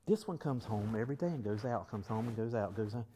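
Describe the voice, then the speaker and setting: A male pastor preaching a sermon, swinging between loud emphasis and quiet reflection while calling on the congregation to answer back. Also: fairly low pitch, expressive, fast talker, a little hiss or hum.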